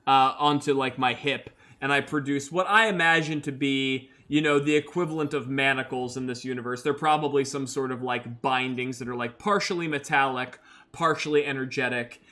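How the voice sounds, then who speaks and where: A man's voice: mid-range voice, steady tone, moderate pace, pushed and bright. A young man narrating a solo tabletop game as game master, talking casually with many fillers. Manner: casual, filler-heavy storytelling.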